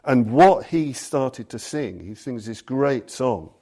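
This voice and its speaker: Here a Buddhist teacher tells stories and reads passages in a dharma talk. His mid-range voice is warm and animated, though his pace is slow.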